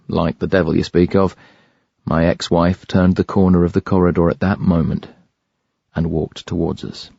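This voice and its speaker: A man reading a first-person thriller audiobook in a measured, grave way. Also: low voice, dark tone, no room sound. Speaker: audiobook narrator. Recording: dry, slightly dull studio recording.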